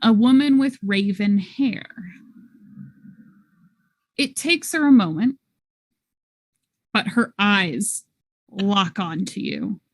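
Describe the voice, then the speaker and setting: A woman narrating a tabletop role-playing game as storyteller, setting scenes slowly and deliberately. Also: medium pitch, dry recording.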